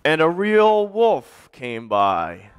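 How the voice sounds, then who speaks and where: Man, church pastor, animated storyteller for kids; slightly higher voice, swinging pitch. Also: drawn-out words, a little hiss or hum. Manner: animated storytelling, directing children to act it out. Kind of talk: children's story in a church service.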